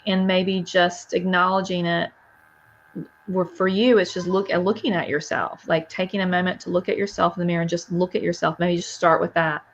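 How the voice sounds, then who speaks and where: A woman's voice: lowish voice, level tone, a little fast, highs cut off, a little hiss or hum. A woman co-hosting a podcast, talking in a reflective, encouraging way. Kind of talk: casual conversational interview.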